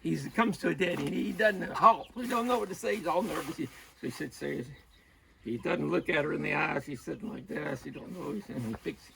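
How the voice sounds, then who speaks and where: A man telling a long, rambling joke in a halting way, often restarting and laughing at himself. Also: fairly high pitch, creaky, sharp tone, poor audio.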